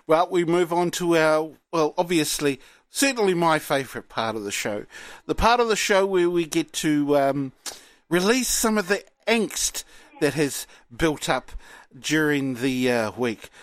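A man with a New Zealand accent hosting a casual chat show, talking in a halting, relaxed way with lots of ums. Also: a little high, dry recording. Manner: relaxed, halting, many fillers. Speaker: show host. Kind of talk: casual radio-style chat.

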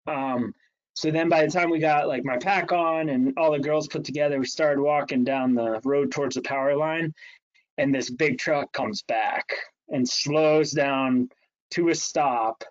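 A man tells a rambling story in casual conversation, laughing often and restarting his sentences. His voice sits a little high. The recording is dull and slightly lo-fi. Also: fairly even intonation, a little slow. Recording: slightly muffled lo-fi audio.

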